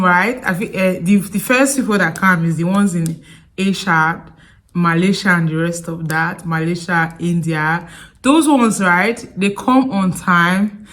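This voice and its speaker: A woman with a Nigerian accent telling stories in a sit-down vlog, chatty and prone to digressions. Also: on the low side. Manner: chatty, digressive, animated storytelling. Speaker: vlogger.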